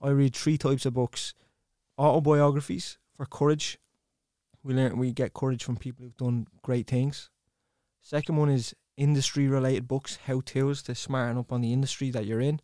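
Dublin man with a softened accent. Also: medium pitch, flat delivery, dry recording, studio quality. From Ireland. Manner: earnest, measured, trying to speak neutrally. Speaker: podcast guest. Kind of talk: casual podcast chat.

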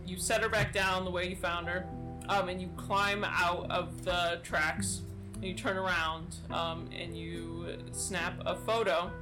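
A woman runs a tabletop game in a relaxed, unhurried voice, dotted with ums and likes. Music plays softly under her narration. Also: lowish voice. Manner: relaxed, with many fillers and laughs. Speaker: game master.

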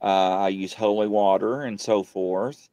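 An unhurried male voice, recorded without echo, recounts a paranormal experience casually. The storyteller, a guest on a paranormal program, performs the quoted lines animatedly with large pitch swings.

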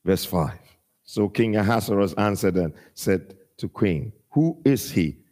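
A man preaching a sermon, with a chanting cadence that climbs into shouts and then drops low and quiet as he quotes scripture. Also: expressive, a little slow. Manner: sing-song preaching cadence, rising to shouts and dropping low when quoting scripture. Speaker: pastor.

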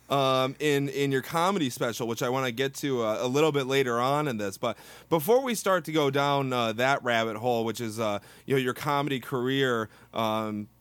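A man's voice: mid-range voice, fairly bright tone, no echo. A man hosting a podcast, playful and teasing, slipping into theatrical bits. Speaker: podcast host. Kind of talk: casual podcast chat.

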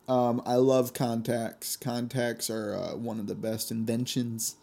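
A young man hosting a casual solo podcast, telling stories in an animated, gleeful way and laughing often. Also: mid-range voice, unhurried, vocal fry, hardly any pauses. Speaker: podcast host.

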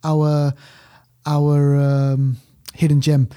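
A man hosting a podcast, reviewing films in an animated, rambling chat. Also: fairly high pitch, extremely slow, smooth. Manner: animated, rambling, laughing storyteller. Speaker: podcast host, film reviewer. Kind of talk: casual chat.

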